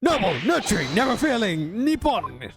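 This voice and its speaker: A man's voice: high voice, huge pitch swings, normal speed, creaky, over music, voice pushed up, heavily acted. A man voicing a theatrical young Japanese poet held in a prison cell, speaking in florid, alliterative outbursts while reading game dialogue aloud. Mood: overjoyed.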